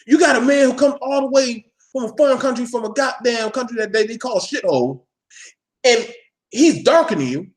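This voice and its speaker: A man's voice: extremely high pitch, animated, normal speed. A man talking straight to his viewers in a blunt, profane, preachy rant, calling out his audience and pressing his point hard. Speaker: vlogger addressing his viewers. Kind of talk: live ranting monologue.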